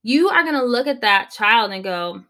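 Bright-voiced woman giving warm advice. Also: fairly high pitch. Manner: animated, slows down to stress points. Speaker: guest, educator and coach. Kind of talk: podcast interview, conversational advice.

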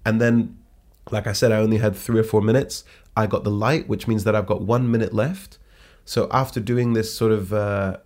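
Man, comedian, casual storytelling, animated, acts out quotes in higher voices. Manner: animated, jumps pitch to act out quoted lines. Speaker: stand-up comedian.

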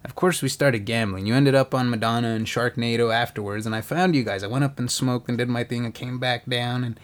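Profane storytelling man, lively quoting. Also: medium pitch, a little fast. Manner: profane, animated, acts out quotes. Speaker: podcast co-host. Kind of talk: casual storytelling chat.

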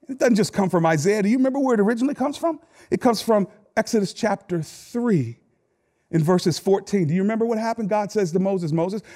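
A middle-aged man delivers a sermon in a notably high-pitched voice. He tells personal stories with animated energy, at times climbing to shouts and at times dropping to a quiet aside. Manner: animated storytelling preacher, rising to shouts. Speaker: pastor.

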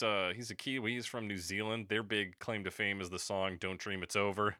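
A man's voice: fairly low pitch, fairly even intonation, a little fast, few pauses, pushed and bright, no room sound, clean studio sound. A man from Canada co-hosting a podcast, chatting casually and joking wryly, swearing now and then. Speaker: podcast co-host. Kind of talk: casual chat.

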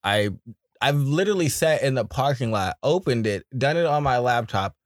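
A man chats on a podcast, telling loose, wry anecdotes. His voice sits at a middling pitch. It comes across dry and close, with no room echo. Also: expressive, normal speed. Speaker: podcast co-host. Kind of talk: casual chat.

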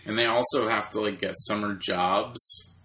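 A man's voice: fairly low pitch, steady tone, normal speed, background noise. A man co-hosting a podcast, chatting casually about a movie, rambling with lots of "like" and "uh" and frequent chuckles. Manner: rambling, hedges with "like" and "uh", chuckles often. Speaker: podcast co-host. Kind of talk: casual movie discussion chat.

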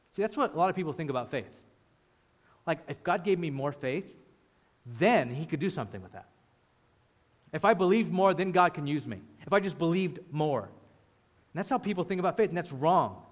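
A man's voice: on the high side, animated, normal speed, long pauses, in a large hall. A man preaching a sermon with passion, acting out the voices of people praying. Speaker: pastor.

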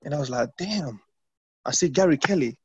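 A man from London, a former footballer, telling stories in an interview, animated and repeating phrases as he acts out his past self. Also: mid-range voice, racing, husky, no echo. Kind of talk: casual interview storytelling. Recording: dull lo-fi dry sound.

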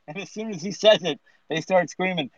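A man's voice: high-pitched, normal speed, dry recording. Laughing co-host man, lo-fi sound. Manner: laughs often, animated chanting. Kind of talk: casual sports chat.

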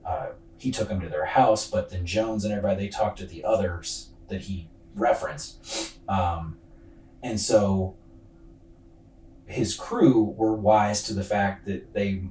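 A man's voice: fairly low pitch, a little slow, darkish tone, a little hiss or hum. A man hosting a podcast who tells a true-crime story casually, with loose slang and a lot of fillers. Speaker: podcast host. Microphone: laptop's built-in mic. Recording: distant roomy computer-mic recording.

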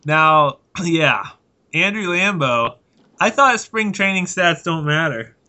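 A man's voice: a little high, lively intonation, slow, bright, forceful tone. A man co-hosting a casual sports podcast, trading playful teasing banter. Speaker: podcast co-host. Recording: dull lo-fi sound.

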